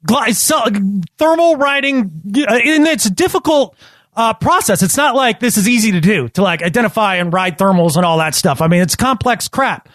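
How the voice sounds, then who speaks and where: High-voiced sarcastic man on a podcast. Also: animated, moderate pace, a bit bright, no room sound. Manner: sarcastic, riffs in mock voices. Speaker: podcast co-host. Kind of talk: casual chat.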